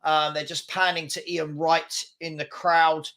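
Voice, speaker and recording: English male co-host, slightly high voice, chatty rambling match commentary. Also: level tone, measured pace, pushed and bright. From England. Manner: chatty, rambling, lots of fillers and restarts. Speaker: live stream co-host. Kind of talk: casual live football commentary.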